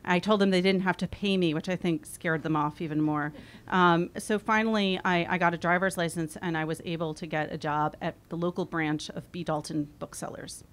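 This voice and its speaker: A woman in her forties reading her own memoir aloud, wry and expressive. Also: fairly low pitch, a little fast. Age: 40s. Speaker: author.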